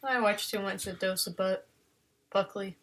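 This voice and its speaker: A woman's voice: medium pitch, steady tone, normal speed, a bit bright. A woman chatting casually while she draws, rambling playfully and talking to her dog between comments. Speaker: digital artist. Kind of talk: casual chat while drawing.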